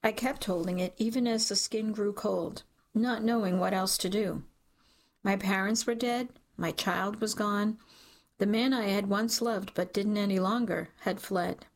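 A woman reading a dark first-person story aloud in a measured, dramatic way. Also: mid-range voice. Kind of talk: scripted audiobook narration.

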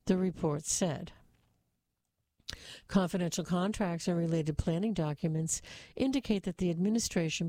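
A woman reads the news in a steady, even manner, her voice low and mellow. The sound is dry and close, with no room around it. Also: no room sound. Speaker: news reader. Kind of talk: scripted news reading.

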